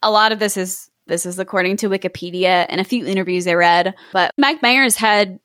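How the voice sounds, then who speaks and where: A woman's voice: mid-range voice, brisk, fairly bright tone, no echo, studio quality. A woman co-hosting a casual podcast chat, sharing trivia in a chatty way and laughing often. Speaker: podcast co-host. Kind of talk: casual chat about a film.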